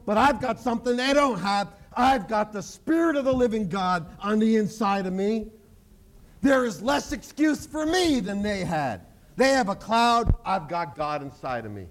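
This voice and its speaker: A man preaching a sermon to his congregation, animated, joking and acting out the people in the story. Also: high voice, normal speed. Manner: animated preaching with jokes and acted-out quotes. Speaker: pastor.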